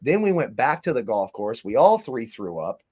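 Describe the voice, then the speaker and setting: A man's voice: mid-range voice, very animated, normal speed, a little mellow, slightly rough. Profane storytelling man. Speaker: co-host. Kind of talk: casual chat.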